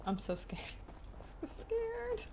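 A woman's voice: a little high, lively intonation, unhurried. A young woman streaming a game, chatting playfully to herself and to the game characters. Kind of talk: casual gameplay commentary.

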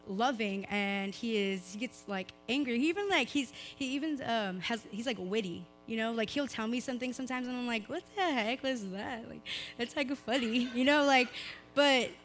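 A young woman, preaching a casual youth sermon in a slightly hoarse voice, chatty and full of "like" fillers. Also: on the high side, moderate pace, fairly bright tone, soft background music. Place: church service, recorded live.

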